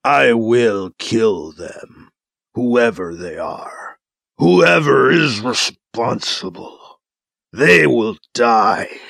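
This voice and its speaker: A man voicing a grieving, vengeful male alien warrior, speaking slowly in a low, violent growl. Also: animated, gravelly, a bit bright, no echo, exaggerated voice.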